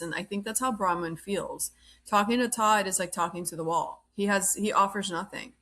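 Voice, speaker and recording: Woman podcast host chatting casually, blunt and opinionated, says like a lot, mid pitch. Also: normal speed, pushed and bright. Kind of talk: casual reality TV recap.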